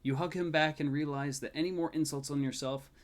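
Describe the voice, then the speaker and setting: A man narrating a tabletop game as game master, measured and soft, dropping very quiet in the sad passages. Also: fairly high pitch, fairly even intonation.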